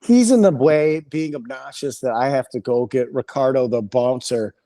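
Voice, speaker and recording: A male comedian guesting on a podcast and telling a story in a casual, rambling way. He is animated and profane, and he keeps restarting his sentences. His voice sits at a middling pitch. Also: moderate pace.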